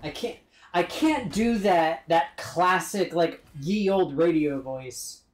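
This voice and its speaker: A man's voice: high-pitched, takes it slowly, roomy sound. A man streaming a video game, giving jokey, wisecracking casual commentary. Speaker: gaming streamer. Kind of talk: casual let's-play commentary.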